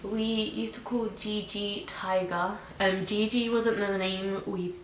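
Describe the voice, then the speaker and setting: In a mid-range voice with fairly even intonation, the young vlogger goes slowly through a casual pet tag video, peppered with ums and likes. She's from Britain or Ireland, and the recording has room echo and a faint hiss.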